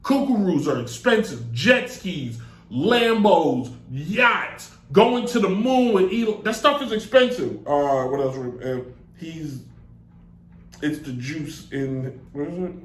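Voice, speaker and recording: A man hosting a live sports talk show, rambling and joking in a loose, animated way. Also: a little high, slow pace. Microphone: desk mic on a stand. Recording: echoey room.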